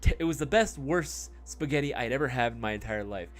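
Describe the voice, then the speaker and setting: A man's voice: mid-range voice, expressive, a little fast, faint music behind. A young man telling a story on a live stream in a rambling, casual way, with lots of fillers and swearing.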